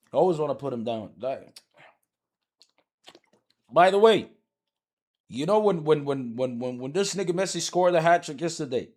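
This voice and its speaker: A man's voice: fairly high pitch, darkish tone. A man live streaming, ranting heatedly and profanely about soccer, repeating himself as he argues with his chat.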